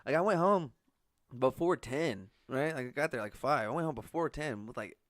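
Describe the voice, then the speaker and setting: A man's voice: mid-range voice, lively intonation, normal speed, a bit bright, no echo, clean studio sound. A man, hosting a casual podcast and telling rambling, profane stories. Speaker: podcast host. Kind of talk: casual storytelling chat.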